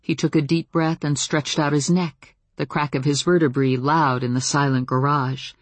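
A woman narrating a first-person novel in a measured, dramatic reading on a close studio mic. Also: sits low, fairly even intonation, no room sound. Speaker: audiobook narrator.

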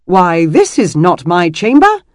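A man voicing a flustered young nobleman who blurts out his lines loudly. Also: very high voice, very animated, brisk, no echo, studio quality, pitched above the performer's own voice, exaggerated voice. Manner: blustering, flustered.

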